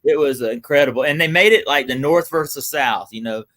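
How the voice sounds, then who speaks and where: A man's voice: fairly high pitch, a little fast, fairly bright tone. A man in his forties with a Southern US accent, hosting a casual livestream chat in an upbeat, chatty way. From Georgia, US. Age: 40s. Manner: upbeat, repeats "super pumped", chatty. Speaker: livestream host.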